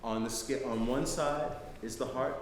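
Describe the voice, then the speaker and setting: A middle-aged American guest lecturer speaks at a moderate pace in a medium-pitched voice with fairly even intonation. He tells personal stories conversationally to a live lecture-hall audience, dropping in "right?" often. There's hall echo and faint background noise.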